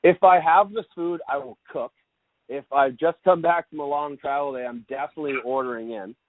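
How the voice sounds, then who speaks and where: A man's voice: on the high side, brisk, no echo. Easygoing Canadian man over a tinny line. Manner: easygoing, repeats words while thinking. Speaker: guest, lacrosse broadcaster. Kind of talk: casual interview chat. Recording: tinny phone-like remote line, dry.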